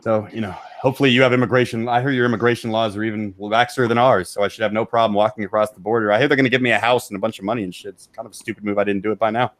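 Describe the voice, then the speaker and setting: A man hosting a stream from a back room of his house, ranting loudly and mockingly with heavy profanity. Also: on the low side, steady tone, dry recording. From Texas. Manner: loud, mocking, rapid rant. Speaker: stream host.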